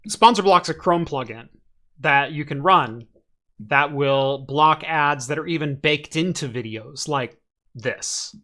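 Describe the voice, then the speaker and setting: Bright-voiced male podcast host, laid-back. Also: a little high, takes it slowly. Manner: laid-back, chatty, frequent fillers. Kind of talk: casual podcast chat.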